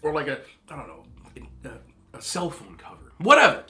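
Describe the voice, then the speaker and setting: Animated, bright-voiced man ranting. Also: a little high, moderate pace. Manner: opinionated, talks with his mouth full. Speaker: mukbang host. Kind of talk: casual ranting while eating.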